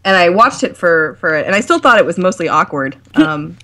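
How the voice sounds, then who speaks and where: A woman's voice: on the low side, animated, a little fast, pushed and bright. A woman guest on a podcast, chatting casually with frequent ums and dry, teasing remarks. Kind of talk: casual chat.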